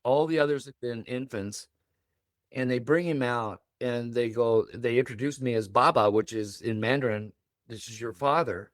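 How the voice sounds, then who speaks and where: An older man, a podcast guest, telling a deeply personal story with feeling, acting out the other people's words as he goes. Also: moderate pace, no room sound, studio quality. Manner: emotional, animated storytelling with voiced quotes.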